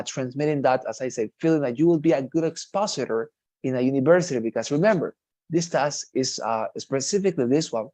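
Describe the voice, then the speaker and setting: A man teaching a TOEFL class online, with a relaxed, dark timbre. He explains with lively, animated intonation and leans on the phrase "as I say". The sound is dry and close, like a video call. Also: medium pitch, no room sound. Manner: animated, repeats "as I say", demonstrates intonation.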